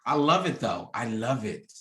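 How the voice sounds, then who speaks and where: A candid man in his thirties talks reflectively in a casual chat, often circling back and restarting his sentences. His voice sits at a middle pitch and rings in an echoey room. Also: big pitch swings, moderate pace, a bit bright. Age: 30s. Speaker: podcast host. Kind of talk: casual conversation.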